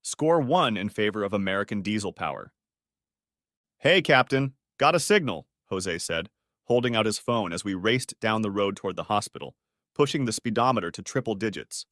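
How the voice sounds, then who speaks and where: A man's voice: lowish voice, lively intonation, fairly quick, a bit bright, no room sound, clean studio sound. Man narrating a story audiobook. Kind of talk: first-person audiobook narration.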